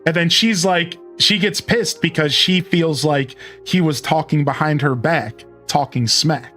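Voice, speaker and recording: A man's voice: on the high side, measured pace, bright, forceful tone, soft background music. A young man streaming a game, chatting casually and retelling a story with lots of fillers. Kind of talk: casual chat while playing.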